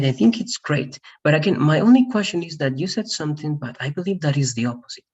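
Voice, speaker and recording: His voice is medium in pitch, with vocal fry and a breathy edge, heard through dull audio. He's a patient online English grammar teacher who keeps asking his students "all right?" to make sure they understand.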